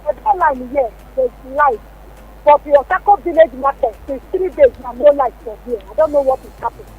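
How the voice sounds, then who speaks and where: A woman's voice: high voice, brisk. A woman speaking with a Nigerian Pidgin accent, calling in to a radio show, impassioned and pleading. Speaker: caller. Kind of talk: phone-in complaint. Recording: tinny phone line.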